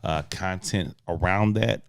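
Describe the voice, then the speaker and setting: A man with a very low, smooth and resonant voice co-hosts a casual podcast, talking in a relaxed, slangy and playful way. The sound is dry and close, with no room around it. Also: slow pace, dry recording. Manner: laid-back, slangy, playful. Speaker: podcast co-host.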